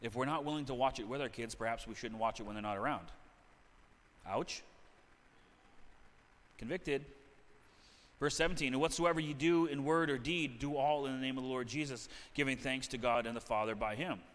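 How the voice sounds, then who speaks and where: A man's voice: medium pitch, normal speed, pauses often, fairly bright tone, long reverb tail. A middle-aged man preaching a sermon as pastor, talking in a conversational way that repeats and restarts phrases. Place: church sanctuary.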